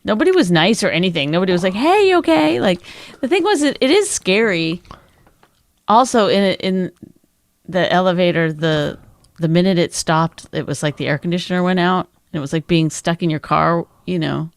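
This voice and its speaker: A middle-aged woman co-hosting a podcast, her voice sitting a little low in her range. She tells stories in casual chat and pitches up sharply to act out what others said. The sound is dry and close. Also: moderate pace, dry recording. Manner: animated storyteller who acts out quotes in a high voice. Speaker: podcast co-host.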